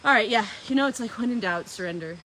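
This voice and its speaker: A woman's voice: on the high side, lively intonation, quick pace, pushed and bright, slight background noise. A woman casually chatting to her viewers in a vlog, talking about surrender and going with the flow, and stopping to talk to dogs. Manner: chatty, spiritual, playfully talks to dogs. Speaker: vlogger.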